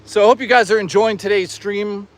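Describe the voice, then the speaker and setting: A man's voice: sits high, steady tone, fairly quick. A man live-streaming outdoors, chatting casually, swearing freely and reading out chat. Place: outdoors on an urban trail.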